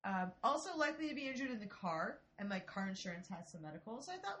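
A woman in her forties from Ohio, telling a story in casual, profane, animated chat. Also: medium pitch, fast. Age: 40s.

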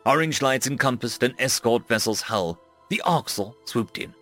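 A man reading a first-person science-fiction audiobook with dramatic flair. His pitch rises and falls in lively, animated swings, and his voice sits at a middle pitch over faint background music. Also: normal speed. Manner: dramatic, expressive storytelling.

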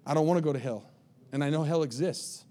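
A man's voice: fairly high pitch, quick pace, warm tone. A man preaching a sermon as pastor, earnest and pleading, often repeating words as he restarts his sentences.

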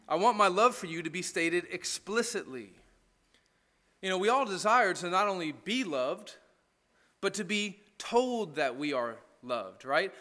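A man's voice: high-pitched, pushed and bright, big-room sound. A man preaching a sermon as pastor, talking conversationally and tossing in frequent "right?" asides. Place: church.

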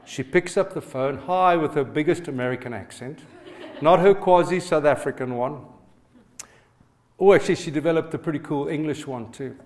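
Pitched on the high side with a darkish tone, a middle-aged pastor preaches at a moderate pace. His sermon weaves in stories from his own life, and he frequently asks the people listening to respond.

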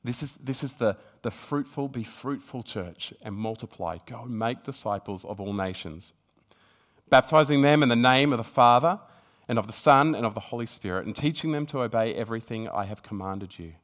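A man's voice: lowish voice, animated, fairly quick, few pauses. A man preaching a sermon, speaking earnestly with frequent restarts, reading passages of scripture aloud and building to emphatic peaks. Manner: reads scripture aloud within the talk.

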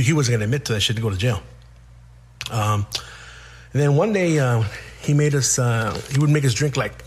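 A man's voice: medium pitch, slightly rough. A man in his forties, hosting a podcast, tells his childhood story unscripted, swearing a lot and restarting his sentences. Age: 40s. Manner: profane, rambling, frequent restarts. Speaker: podcast host.

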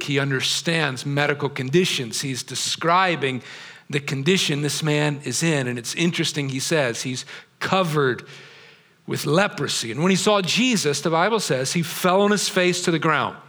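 A man's voice: medium pitch, a bit bright. A middle-aged man preaching to his congregation, chatty and drawing them in with questions. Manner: conversational, drawing the crowd in with questions. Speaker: pastor. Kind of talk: sermon. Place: theater used as a church.

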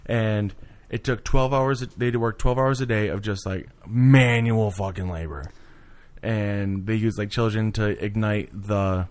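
A man's voice: on the low side, steady tone, a little slow. Guy on a chill podcast, laughs a lot, swears, rambles through stories. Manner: laughing, profane, storytelling. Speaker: podcast co-host. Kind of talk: casual chat.

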